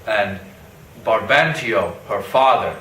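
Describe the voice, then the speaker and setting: A bright, casual Othello, played by a man who brags and rambles like a modern guy at a party. He tells his tale in slang, with faint room noise. The voice sounds roomy and set back from the mic. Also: lowish voice, lively intonation, takes it slowly, full character voice. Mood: boastful. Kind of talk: parody skit. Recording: echoey room, mic at a distance.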